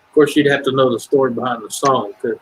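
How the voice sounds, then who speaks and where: A man's voice: medium pitch, steady tone, fast talker, slight background noise, rough recording. A middle-aged man with a Southern US accent, chatting casually and rambling, swearing freely and trailing off. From Ohio. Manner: rambling, swears freely, breaks into singing lines. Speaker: livestream chat guest. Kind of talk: casual chat.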